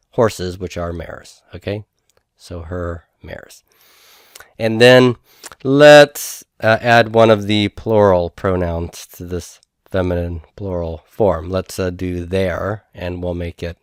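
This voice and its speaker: A man teaching a grammar lesson, explaining step by step, sounding out syllables slowly and checking in with his students. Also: deep voice, no echo, studio quality. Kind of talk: recorded classroom lecture.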